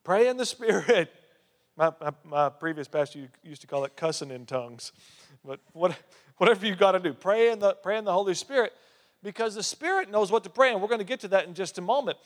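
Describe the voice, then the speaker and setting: A male pastor preaching a sermon, with emphatic rises and hushed drops. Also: high voice, lively intonation, fairly quick. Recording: long hall reverb.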